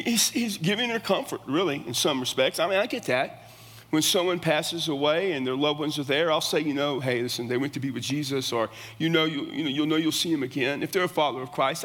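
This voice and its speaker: A man's voice: a little high, a bit bright, breathy edge. A middle-aged man preaching a sermon as a pastor, earnest and emphatic, often restarting his words. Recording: long reverb of a church hall.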